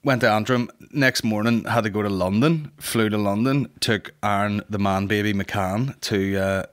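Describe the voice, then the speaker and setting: A man's voice: on the low side, normal speed. A man in his thirties hosting a comedy podcast, rambling and swearing in a boisterous casual monologue. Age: 30s. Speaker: podcast host.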